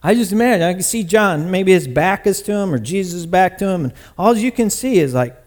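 A man's voice: sits high, animated, brisk. A male pastor preaching a sermon in an emphatic manner, repeating phrases for stress.

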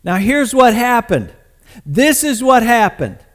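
A man's voice: extremely high pitch, big pitch swings, takes it slowly, a bit bright. A male pastor preaching a sermon in an emphatic manner, repeating phrases for stress.

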